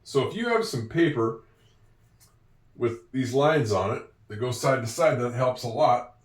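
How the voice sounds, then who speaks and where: A man's voice: mid-range voice, expressive, a little slow, recorded from a distance. A man giving a patient, step-by-step handwriting lesson, with a few self-deprecating asides. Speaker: teacher. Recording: echoey room, voice a bit off-mic.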